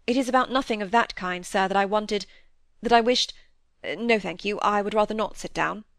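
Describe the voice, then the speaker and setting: A woman's voice: medium pitch, moderate pace, fairly bright tone, no room sound, close to an everyday voice. A woman reading aloud as an offended, stammering young male medical apprentice in a storybook. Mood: indignant. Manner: stiffly indignant, stammering.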